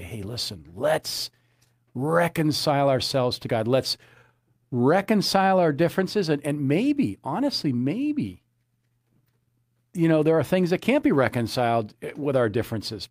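A man's voice: mid-range voice, no echo, clean studio sound. A man preaching a sermon as a pastor, earnest, often repeating his phrases and citing scripture.

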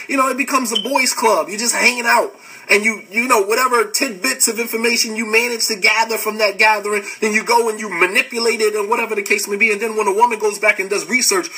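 A man, hosting a podcast and giving a casual religious lecture, animated and laughing often as he answers comments. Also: high voice, husky, recorded from a distance, poor audio.

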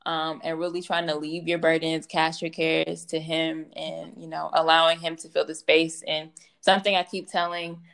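A woman co-hosting a faith podcast, talking reflectively in a relaxed way with many fillers. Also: low-pitched, normal speed, creaky. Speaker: podcast co-host.

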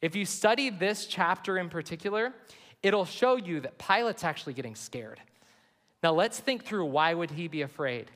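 A man's voice: high voice, expressive, moderate pace, fairly bright tone. A man, a pastor, preaching an earnest sermon to his church and reading scripture aloud. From United States. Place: large church sanctuary. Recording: long hall reverb.

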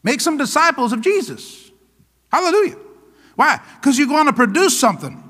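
A man's voice: very high voice, very animated, normal speed, sharp tone, big-room sound. A pastor preaching a sermon, emphatic and calling out to his congregation for answers. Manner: emphatic call-and-response preaching.

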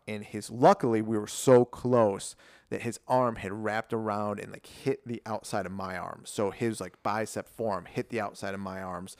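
A man in his forties, a martial arts coach and podcast guest, telling a story in a casual, animated, rambling way, full of "like" and swearing. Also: lowish voice, creaky, no room sound, studio quality.

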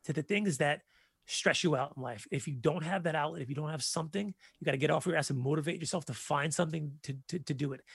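A man in his forties telling stories in a casual chat, animated and profane. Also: a little high, vocal fry, slightly rough, no echo, studio quality. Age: 40s.

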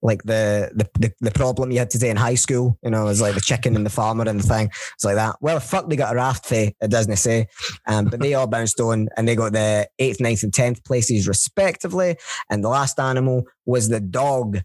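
A man's voice: medium pitch, a little mellow, no room sound. A man telling a folk tale in a jokey, sweary way during a casual podcast chat. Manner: swears freely, jokey, fast retelling. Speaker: podcast co-host. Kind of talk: casual chat and comic storytelling.

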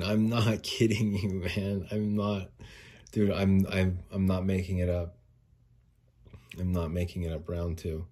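A man's voice: deep voice, dark tone, breathy edge. A man hosting a podcast in a casual solo rant, frustrated and swearing, a little out of breath. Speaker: podcast host.

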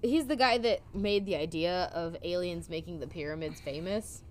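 A podcast co-host with a lowish voice tells a story at a moderate pace, a little hiss or hum audible. She brings energy to it, laughing as she acts out the quotes.

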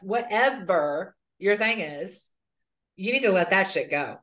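A woman's voice: medium pitch, animated, measured pace, a bit bright. A woman hosting a podcast, speaking candidly and relating her own experience. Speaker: podcast host. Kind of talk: casual chat.

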